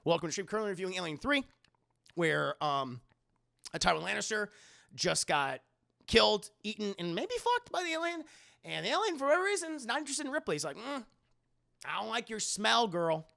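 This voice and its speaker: A man's voice: high voice, very animated, fast, vocal fry, bright, forceful tone. A man chatting casually on a live stream, reviewing a film scene by scene, swearing freely, and talking to his chat. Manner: profane, chatty, talks to chat.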